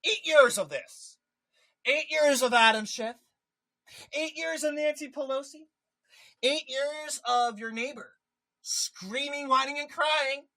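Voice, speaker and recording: A political commentator ranting in an animated, emphatic way, often repeating a point for effect. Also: sits high, slow pace, low-quality recording.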